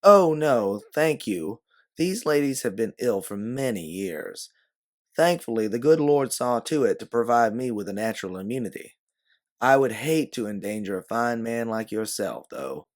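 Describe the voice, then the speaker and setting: A man voicing a brisk, quick-witted woman time-traveler who barks orders and sometimes puts on a syrupy Southern act. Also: on the low side, lively intonation. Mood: fake-sweet Southern. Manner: commanding, yelling orders.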